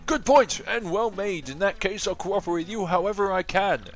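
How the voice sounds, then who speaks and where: A man voicing a loud, absent-minded old male goomba professor, blustery and theatrical, over faint game music. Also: sits high, normal speed, pitched above the performer's own voice. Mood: indignant.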